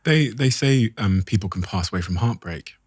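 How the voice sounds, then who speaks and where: A man's voice: lowish voice, lively intonation, normal speed, slightly rough, dry recording, studio quality. A male podcast host talking reflectively, searching for words as he shares personal memories and asks questions. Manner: thoughtful, searching for words with fillers. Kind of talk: reflective interview conversation.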